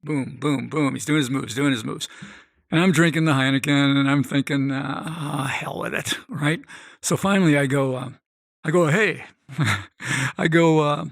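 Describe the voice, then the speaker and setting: A middle-aged man, a guest on a podcast, telling a story in an animated way and acting out the voices of the people in it. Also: mid-range voice, normal speed, creaky, no room sound. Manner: animated, acts out quoted voices. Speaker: guest, gambling expert. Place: podcast studio.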